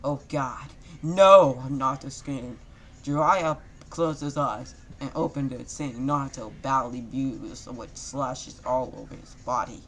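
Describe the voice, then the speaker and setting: A man's voice: medium pitch, steady tone, measured pace, fairly bright tone, a little hiss or hum. Rambling man improvising a fan story. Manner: rambling, self-correcting, loose grammar. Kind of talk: improvised casual story narration.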